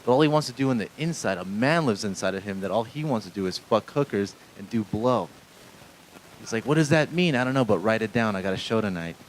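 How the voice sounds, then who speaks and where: Fast and on the low side, a comedian from a Mexican-American family talks his way through a live stand-up set on a small club stage. He's rambling and self-deprecating, swears often and interacts with the crowd, while the rough recording picks up slight background noise.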